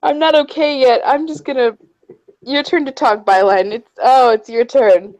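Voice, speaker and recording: A woman's voice: high voice, normal speed, a little mellow, lo-fi sound. A young woman co-hosting a casual livestream chat, giddy and overwhelmed, laughing and choked up near tears. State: teary, choked up. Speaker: co-host.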